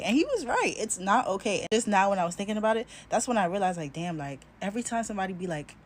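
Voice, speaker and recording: A woman's voice: mid-range voice, fairly quick. A woman telling a story casually and conversationally, acting out the other people in it. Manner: animated, conversational, acts out others.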